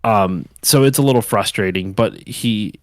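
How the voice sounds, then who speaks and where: A man's voice: lowish voice, normal speed, dry recording. A man hosting a podcast in casual chat, rambling with lots of fillers and restarts. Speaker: podcast host.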